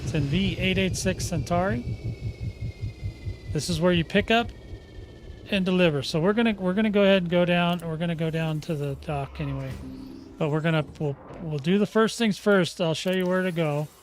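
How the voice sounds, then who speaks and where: A man's voice: high voice, normal speed, a little hiss or hum. A man hosting a casual game tutorial, folksy and chatty, often restarting sentences and checking in with "okay?". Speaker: gaming channel host.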